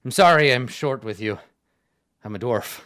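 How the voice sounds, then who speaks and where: A man voicing a grumpy, sarcastic male dwarf soldier in a tabletop game, speaking gruffly with weary sighs. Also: medium pitch, lively intonation, moderate pace, fairly bright tone, close to an everyday voice. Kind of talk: tabletop role-play voicing.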